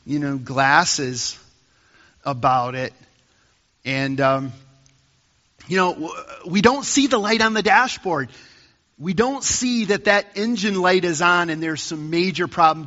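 Guy pastor preaching, chatty storytelling, kinda high bright voice, big echoey church sound. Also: muffled recording. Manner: conversational storytelling with rising emphasis. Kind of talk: sermon.

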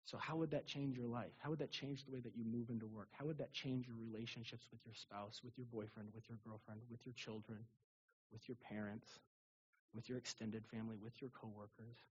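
A young adult male pastor giving a casual, animated sermon in a church, asking the congregation rhetorical questions. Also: mid-range voice, fairly quick, slightly rough, muffled recording. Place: church sanctuary.

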